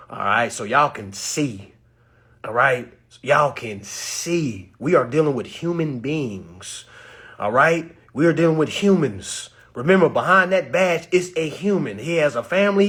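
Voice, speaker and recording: A young man telling a story to his audience, acting out the quotes with sudden high bursts and laughs. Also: fairly bright tone, slightly rough. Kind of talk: animated storytelling talk.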